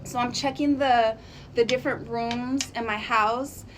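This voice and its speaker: A woman vlogger casually telling a spooky story to her viewers, chatty and animated, often laughing and drawing out her words. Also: on the high side, a little slow, noisy background.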